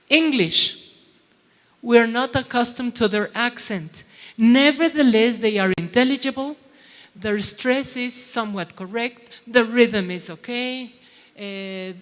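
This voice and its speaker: A woman's voice: on the high side, a bit bright. A middle-aged woman giving a conference talk to teachers, chatty and quizzing the audience. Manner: chatty, asks the audience questions. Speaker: plenary speaker at a teachers' conference. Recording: long hall reverb.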